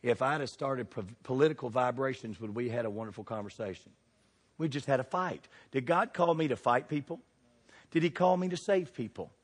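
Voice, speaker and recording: A middle-aged man preaching a sermon, animated and throwing questions at the congregation. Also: mid-range voice, brisk, husky, long reverb tail. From United States.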